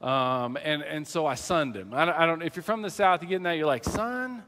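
A middle-aged man from the American South, a pastor telling a personal story in a sermon and acting out quoted shouting. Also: on the high side, brisk. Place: church sanctuary. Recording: church hall reverb.

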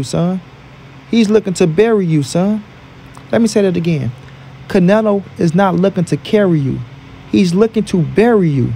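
A man's voice: high voice, gravelly, dark tone, slight background noise. A man from St. Louis giving casual boxing commentary as a vlogger, with emphatic, repetitive, profane trash talk. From St. Louis, USA.

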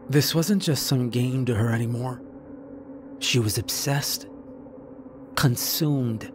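A man narrating a scary story in the first person, slow and measured. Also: mid-range voice, background noise. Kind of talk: scripted narration. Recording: faint background music.

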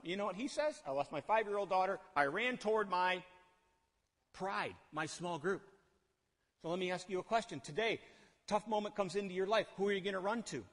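A male pastor preaching a sermon, animated, asking the congregation questions and acting out quotes. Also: sits high. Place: church sanctuary. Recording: long hall reverb.

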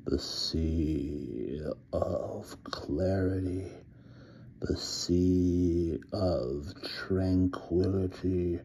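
A man voicing a man turning into a werewolf, speaking slowly and hoarsely with growls. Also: low voice, fairly even intonation, warm tone, exaggerated voice. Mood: slow and growling.

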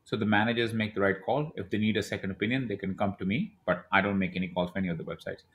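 Fast-talking animated male guest. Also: lowish voice. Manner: animated storyteller who acts out quoted dialogue. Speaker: podcast guest, e-commerce brand owner. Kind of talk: casual interview talk.

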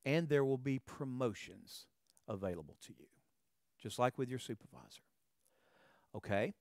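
A man's voice: medium pitch, expressive, normal speed, a little mellow, no room sound, clean studio sound. A man preaching a sermon in a conversational way, often checking in with "all right" and "okay" and repeating words as he starts a phrase. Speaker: pastor.

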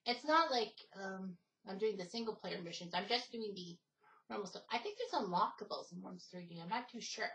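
A woman talks casually on her own gaming channel, wandering from point to point. She often stops on "um" and restarts her sentences. Her voice sits at an ordinary pitch for a woman. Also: big pitch swings, a little fast, fairly bright tone, poor audio. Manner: rambling, many fillers and restarts. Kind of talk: casual gaming video talk.

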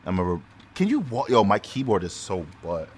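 Excitable, swearing man with a lively voice. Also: fairly low pitch, breathy edge. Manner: loud, excitable, profane, quick outbursts. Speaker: gaming YouTuber. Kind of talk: excited gameplay commentary. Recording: noisy game audio behind the voice.

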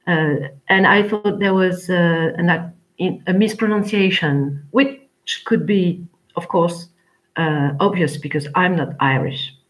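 A woman teaching an English class online, chatty and rambling, with frequent pauses as she talks to her students. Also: on the low side, rough recording.

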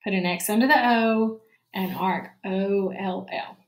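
A woman teacher talks young children through a spelling lesson at an unhurried, deliberate pace. Each word is said plainly and repeated. The room around her has a noticeable echo. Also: medium pitch. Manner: slow, clear dictation, repeating each word.

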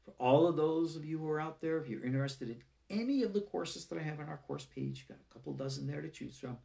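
A man's voice: a little high, fast talker, gravelly, mellow. A middle-aged man, a rabbi, giving a live-streamed lecture in an earnest, emphatic, exhorting way. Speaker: rabbi teaching an online class.

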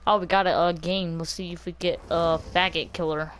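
A woman streaming a video game live, talking casually in a loud, crude, teasing way with lots of laughter. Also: lowish voice, flat delivery, a little fast, a little hiss or hum, poor audio.

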